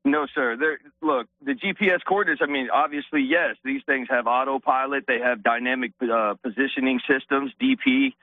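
A man's voice: mid-range voice, normal speed, hardly any pauses, dry recording. A man calling in to a radio show, a little out of breath, explaining things earnestly and politely. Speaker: caller. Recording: tinny phone line.

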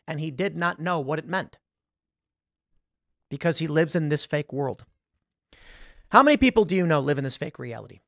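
Brief: male commentary host, conversational and rhetorical, gravelly tone. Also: on the high side, fairly bright tone, no echo, studio quality. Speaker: host of a political commentary show. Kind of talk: casual commentary to camera.

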